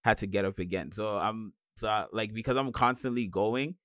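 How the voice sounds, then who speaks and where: Weary man with a smooth low voice. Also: normal speed, a bit bright, no echo. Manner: rambling, restarts, weary. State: tired. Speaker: podcast co-host. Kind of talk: casual chat.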